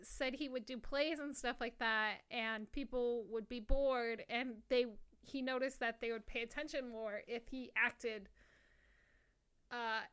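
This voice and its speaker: A woman co-hosting a casual podcast, giggly and animated, who swears often as she chats. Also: on the high side, a little slow, clean tone. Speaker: podcast co-host.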